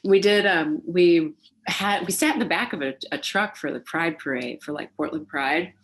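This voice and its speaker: A woman, a burlesque performer, recalling her life in an oral history interview, animated and laughing, with many fillers. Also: sits low, normal speed. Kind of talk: reflective interview storytelling.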